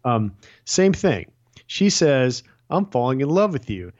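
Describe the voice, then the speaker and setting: A man's voice: medium pitch, measured pace, muffled recording. A man co-hosting a casual chat podcast, telling stories and acting out quoted lines. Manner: animated storyteller, acts out quotes. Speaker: podcast co-host. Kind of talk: casual chat recapping a TV show.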